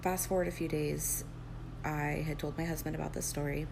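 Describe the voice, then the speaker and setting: A mother telling an earnest, measured story and quoting dialogue in a casual storytime. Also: low-pitched, level tone, creaky, background noise.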